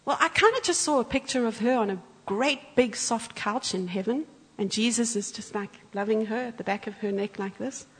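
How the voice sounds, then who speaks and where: Woman guest preacher, animated storyteller, husky and echoing in a church. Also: on the high side, normal speed, hardly any pauses. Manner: animated storyteller, acts out quotes. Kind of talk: sermon with storytelling. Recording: church hall with long reverb.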